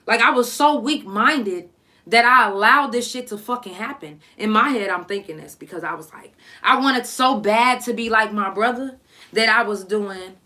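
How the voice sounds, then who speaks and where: A woman's voice: mid-range voice, bright, forceful tone. A woman podcast host telling a personal story in a candid, blunt, emotional way.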